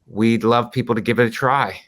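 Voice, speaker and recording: A man's voice: mid-range voice, fairly even intonation, moderate pace, a bit bright. A man co-hosting a comedy podcast, telling stories and acting out the people in them in casual chat. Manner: storytelling, acts out quoted people. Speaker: podcast co-host.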